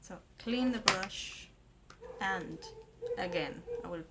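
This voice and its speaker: A slow, halting woman from Argentina, chatting through her makeup vlog. Her speech is full of pauses and fillers. A clear hiss of noise sits under the recording. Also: medium pitch. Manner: hesitant, many pauses and fillers. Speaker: makeup vlogger. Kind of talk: casual makeup tutorial.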